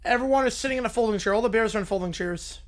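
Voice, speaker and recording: A man hosting a livestream in a relaxed, chatty way, chuckling as he hurries through viewer requests. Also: high-pitched, racing. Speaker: livestream host. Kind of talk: casual livestream chat.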